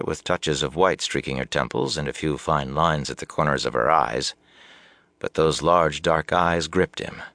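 A man reading a fantasy novel aloud as audiobook narration, with a measured, even storytelling delivery. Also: a bass voice, gravelly, no room sound, studio quality. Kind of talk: scripted narration.

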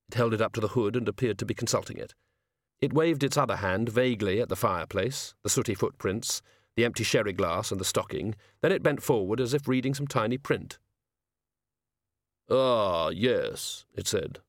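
A man narrating an audiobook in a measured, dry storytelling manner, close to the mic. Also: on the low side, no echo. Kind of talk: scripted narration.

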